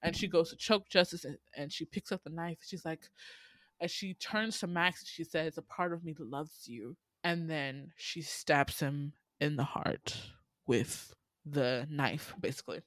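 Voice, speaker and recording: A young woman with a low, unhurried voice hosts a casual movie-talk podcast, recorded with studio quality and no room sound. She retells scenes with lots of laughter, animated storytelling, and playful character voices.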